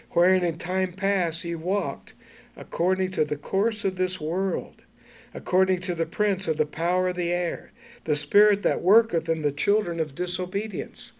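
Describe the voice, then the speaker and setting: A man leads an informal Bible study at an easy, slow pace. His voice sits a little high for a man. He moves between relaxed chat, questions to the group and King James verses read aloud. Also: vocal fry. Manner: conversational, asks the group questions and laughs often; reads scripture aloud in King James wording. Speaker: Bible teacher.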